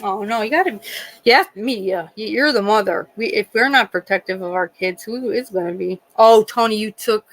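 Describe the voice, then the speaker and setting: Speaking at a moderate pace in a medium-pitched voice, a woman who works as a nurse and hosts a livestream chats and tells stories. She's lively, laughs a lot, and performs snippets of dialogue; there's no room sound, though the recording quality is low.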